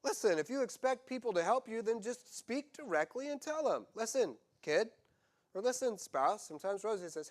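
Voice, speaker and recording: Man, pastor, sermon, fairly high voice, animated, humorous asides. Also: moderate pace.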